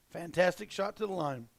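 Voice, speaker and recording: A man doing live darts commentary, excitable and animated in his play-by-play. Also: sits high, creaky.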